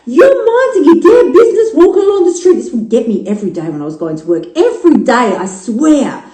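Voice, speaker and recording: Talking fairly quickly in a high voice, an Australian woman in her fifties runs her own podcast. She's blunt, swears a lot, jokes around and tells stories with animation in a casual monologue. The recording is rough, with a roomy sound.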